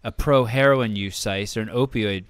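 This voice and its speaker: A man's voice: lowish voice, moderate pace, clean tone, dry recording. A man in casual conversation, venting animatedly with stumbles and restarts.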